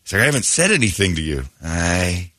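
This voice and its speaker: Male morning host, animated and bright, dry close studio sound. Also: low voice, fairly quick, no room sound. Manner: animated, laughing, puts on voices in quotes. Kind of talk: casual storytelling chat. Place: radio studio.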